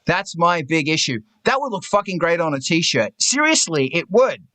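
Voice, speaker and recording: A man on a video call talks in a bright, forceful voice that sits a little high for a man. His talk is blunt and full of swearing, and it rambles through self-mocking asides. The sound is dry and close, with no room echo. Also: sing-song, moderate pace. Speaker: host of artists' talk stream. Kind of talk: casual group video chat.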